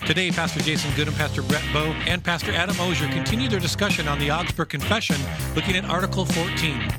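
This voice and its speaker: A man reading a polished podcast introduction at a quick clip. His voice sits fairly high for a man, and loud guitar music plays underneath him. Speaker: podcast announcer. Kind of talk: scripted intro narration.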